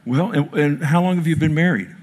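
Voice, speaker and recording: A man's voice: fairly high pitch, a little fast, darkish tone. A man preaching a sermon to a congregation from a stage, emphatic, quoting scripture and calling out for amens. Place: church before a congregation.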